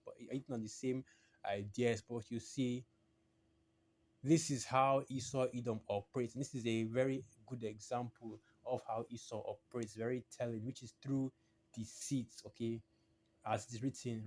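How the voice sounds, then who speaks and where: A man's voice: medium pitch, darkish tone. Emphatic man preaching in a solo video. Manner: emphatic, repeats phrases, reads passages aloud with raised voice. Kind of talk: solo religious video teaching.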